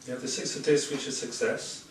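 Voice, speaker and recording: A man's voice: medium pitch, fairly even intonation, fairly quick. Chatty man reading tarot, far off. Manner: chatty, rambling, laughs at his own stories. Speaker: tarot reader. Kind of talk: casual talk to a small audience. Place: room at a public talk. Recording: echoey room, far from the mic, noisy.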